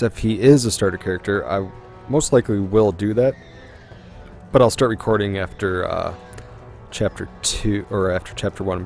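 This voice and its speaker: A man's voice: lowish voice, gravelly, mellow. A young man giving rambling let's-play commentary, musing aloud with lots of ums as he plays. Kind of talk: gaming commentary.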